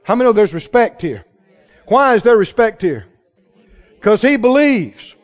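Casting: high, lively male pastor, shouting rhetorical questions, dull recording. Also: normal speed. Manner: swings from hushed asides to shouted exclamations; fires rhetorical questions at the congregation. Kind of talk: sermon.

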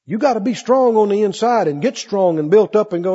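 High-voiced male preacher in a hall. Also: brisk, hardly any pauses, husky. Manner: lively preaching, acts out cravings in mock voices. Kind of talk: sermon. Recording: muffled sermon tape with long hall echo.

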